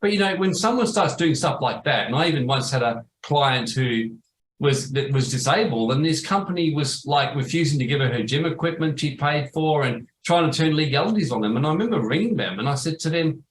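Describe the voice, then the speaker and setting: A man's voice: a little high, expressive, brisk. A man hosting a webinar, telling rambling, blunt anecdotes with some salty language. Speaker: webinar host. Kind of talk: casual storytelling. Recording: roomy echo with faint noise.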